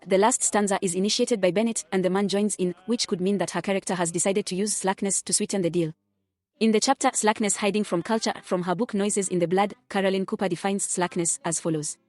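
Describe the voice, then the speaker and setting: A woman reads an academic paper aloud at a quick clip, steady and formal. Her pitch sits in an ordinary middle range. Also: no echo. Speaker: student presenter. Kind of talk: reading an academic presentation.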